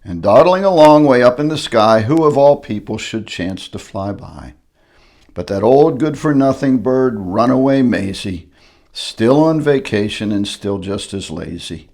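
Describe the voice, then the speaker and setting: A man's voice: mid-range voice, animated, measured pace, a little mellow. An older grandfather reading a rhyming picture book aloud in a sing-song manner.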